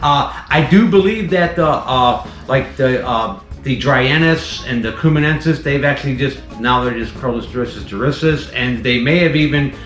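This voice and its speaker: A man's voice: mid-range voice, moderate pace, few pauses, fairly bright tone. A chatty man hosts a casual tour of his venomous snake collection, rambling with plenty of fillers. His voice sits in the middle range for a man. It rings in an echoey indoor room, with faint music underneath. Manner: chatty, rambling, frequent "um" and "let me tell you". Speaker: venomous snake keeper and channel host.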